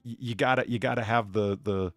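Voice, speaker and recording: A man's voice: fairly low pitch, steady tone, fairly quick, fairly bright tone, no room sound, faint music behind. A man from the United States hosting a live stream, chatting casually in a rambling, profane way that is full of restarts. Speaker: streamer and bartender host.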